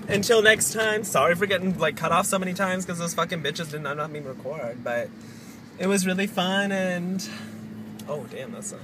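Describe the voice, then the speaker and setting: Young man, high-pitched, sassy profane vlog rant, phone camera, clear street and car noise. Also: moderate pace. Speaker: vlogger. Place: outdoors and in a car.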